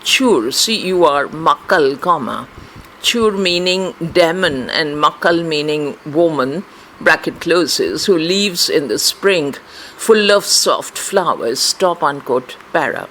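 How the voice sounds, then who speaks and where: A woman's voice: low-pitched, expressive, slow pace, fairly bright tone, slight background noise, rough recording. A woman reading an academic text aloud for blind listeners, speaking every comma, bracket and quote mark and spelling out abbreviations. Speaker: audiobook reader.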